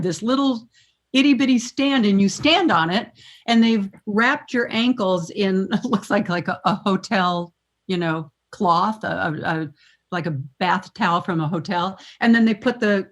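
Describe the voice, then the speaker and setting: A woman in her seventies, a former morning TV host, telling lively anecdotes as a guest and laughing often. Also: medium pitch, unhurried. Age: 70s. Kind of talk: storytelling interview chat.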